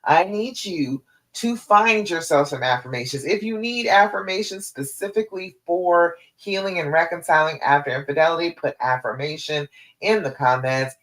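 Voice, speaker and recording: A woman's voice: on the low side, moderate pace, a bit bright, low-quality recording. A woman relationship coach giving a live stream talk, direct and encouraging, repeating her key points.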